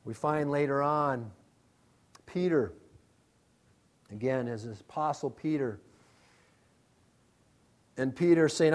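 Dramatic male preacher, booming then hushed. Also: a little slow, long pauses. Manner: dramatic, calls out names loudly then drops to a hush. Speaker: pastor. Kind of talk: sermon.

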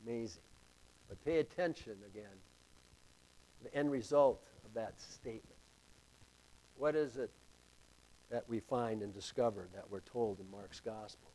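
A man preaching a sermon to a congregation, slow and emphatic, with dramatic rises in pitch and volume. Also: warm tone. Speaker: pastor.

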